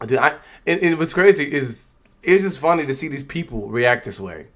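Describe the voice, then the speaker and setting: A man's voice: on the high side, expressive, moderate pace, fairly bright tone. A man hosting a livestream, giving slangy, loose live reaction commentary and talking back at the screen. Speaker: livestream host.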